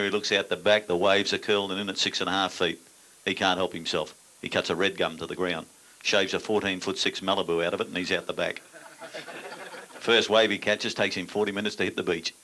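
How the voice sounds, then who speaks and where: A man's voice: low-pitched, level tone, normal speed, pauses often, bright, forceful tone. An older man with an Australian accent, a stand-up comedian telling crude yarns with blunt, dry punchlines to a laughing audience.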